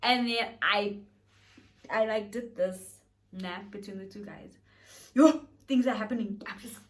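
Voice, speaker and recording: With a mid-range voice and measured pace, a young beauty vlogger recounts a storytime in a dramatic, talkative way, acting out what people said. The mic picks her up from a little distance.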